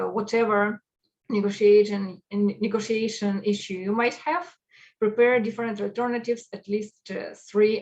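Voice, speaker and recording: A woman with an Eastern European accent speaking at an online conference and answering questions, with lots of fillers and restarts. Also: medium pitch. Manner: many fillers and restarts, emotional. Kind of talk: online talk and Q&A. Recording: dull lo-fi video call audio.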